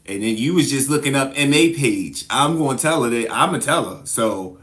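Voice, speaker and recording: A man's voice: medium pitch, expressive, normal speed, fairly bright tone. A man hosting a casual livestream, answering viewer comments, laughing often and teasing the commenters playfully. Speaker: livestream host.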